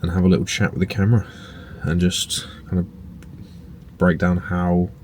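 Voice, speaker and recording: A young man chatting casually to camera in a relaxed, rambling way, with fillers and some swearing. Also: low voice, unhurried, a little hiss or hum. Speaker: bodybuilding vlogger and personal trainer. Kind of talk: casual vlog chat to camera. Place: indoors at home and in a parked car.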